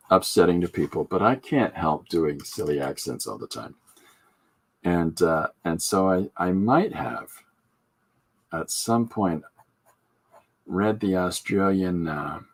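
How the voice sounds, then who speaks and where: A man's voice: low-pitched, a bit bright, husky. A man hosting a live stream, chatting loosely as he demonstrates comic inking and coloring, rambling and joking with many fillers. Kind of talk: casual live drawing demonstration.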